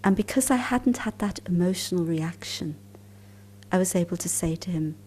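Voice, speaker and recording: Woman giving a spiritual talk, lowish mellow voice, calm storytelling, soft whispery asides. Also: normal speed, breathy edge. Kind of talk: storytelling lecture at a conference.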